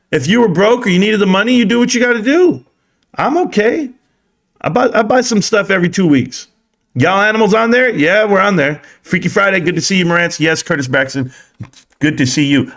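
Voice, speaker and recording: A young adult man hosting a casual stock live stream, reading the chat aloud, joking and swearing, swinging from excited shouts to low mutters.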